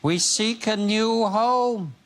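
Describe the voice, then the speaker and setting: A man voicing a solemn alien envoy who speaks slowly and gravely, heard in a noisy studio. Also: high voice, a bit bright, pitched above the performer's own voice. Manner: slow, grave, portentous. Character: solemn alien envoy seeking a new home.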